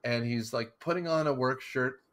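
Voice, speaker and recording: A man's voice: medium pitch, normal speed, fairly bright tone, a little hiss or hum. Rambling casual male podcast host. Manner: rambling, many fillers and restarts, acts out scenes.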